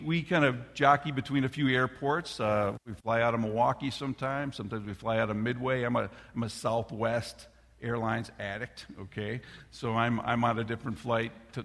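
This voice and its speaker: A middle-aged man preaching a sermon as a pastor, an animated storyteller who talks straight to the congregation. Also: medium pitch. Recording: long reverb of a large hall.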